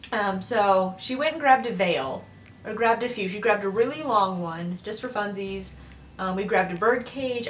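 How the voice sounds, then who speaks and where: A woman in her twenties chatting casually in a vlog, rambling with lots of "like" and "um". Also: mid-range voice. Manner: rambling, full of "like" and "um". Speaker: vlogger. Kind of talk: casual chat. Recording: roomy echo, distant from the mic, faint music.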